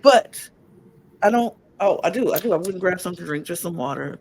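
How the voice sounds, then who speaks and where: Hoarse, raspy woman podcast host. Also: fairly low pitch, expressive, fairly quick, darkish tone, a little hiss or hum. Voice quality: husky, raspy. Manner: sassy, playful. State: hoarse, losing her voice. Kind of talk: casual podcast chat.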